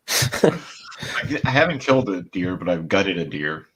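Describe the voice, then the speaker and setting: A man's voice: low-pitched, very animated, slow pace, a bit bright, breathy edge, rough recording. A man hosting a casual podcast chat, joking and laughing often. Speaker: podcast host.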